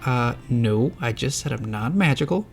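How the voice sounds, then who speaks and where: A man's voice: mid-range voice, animated, moderate pace, creaky, soft background music. A man voicing a sarcastic, impatient female bluebird in a narrated storybook, talking in a curt, exasperated way.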